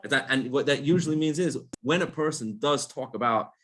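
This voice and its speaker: Rabbi teaching, asking himself questions. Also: male voice, mid-range voice, fairly quick, a bit bright. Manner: explains step by step, asks and answers his own questions; frequent restarts and repeated words. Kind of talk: casual spoken Torah class.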